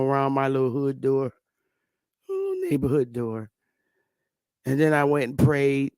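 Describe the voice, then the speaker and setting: A man's voice: a little high, dry recording, studio quality. A man hosting his own online show, ranting casually to viewers in a loose, mocking, slangy way, full of asides and restarts.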